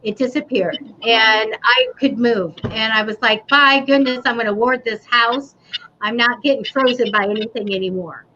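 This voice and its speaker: A woman's voice: a little high, moderate pace. A woman in casual chat, telling a ghost story with animation and acting out what she said. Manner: animated storytelling, acting out her own quotes. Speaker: paranormal talk show panelist. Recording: dull lo-fi livestream audio with faint noise.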